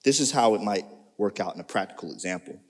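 Man, pastor, lively sermon, long church-hall reverb. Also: fast talker. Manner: animated preaching with sudden pitch jumps. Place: church sanctuary.

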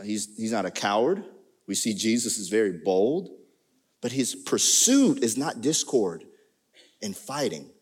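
A man preaching a sermon as pastor, animated, with sudden jumps in pitch. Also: husky. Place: church sanctuary. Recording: long reverb of a church hall.

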